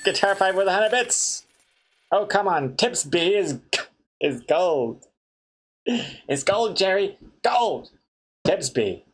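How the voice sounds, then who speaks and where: A man's voice: high-pitched, expressive, slow, long pauses, breathy edge. A man chatting casually on a live stream, reading viewer messages aloud and joking with the chat. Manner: chatty, reads chat aloud, laughs at jokes. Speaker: comic artist streamer.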